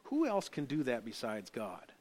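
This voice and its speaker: A middle-aged man preaching a sermon as pastor, swinging between loud emphatic stresses and quiet, low asides. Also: huge pitch swings, normal speed, husky.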